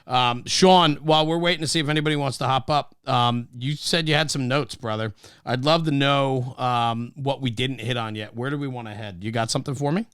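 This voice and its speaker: A man moderating a casual audio-room panel, friendly and enthusiastic with quick asides. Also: medium pitch, fairly bright tone, clean tone, no echo, studio quality. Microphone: phone in an audio chat room.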